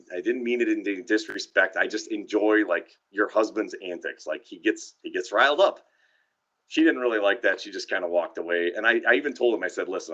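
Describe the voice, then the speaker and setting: A man's voice: on the low side, a bit bright. A man casually telling a rambling story on a live stream, often restarting his sentences and laughing. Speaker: podcast co-host. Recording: dull lo-fi live stream audio.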